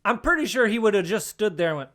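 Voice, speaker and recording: A man telling an animated story in casual chat, acting out the voices and laughing at himself. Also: high-pitched, quick pace.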